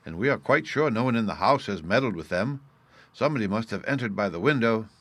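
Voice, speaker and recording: A man voicing a playful, witty young aristocratic woman in a bright, teasing, lightly mocking manner. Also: lowish voice, lively intonation, quick pace, no room sound.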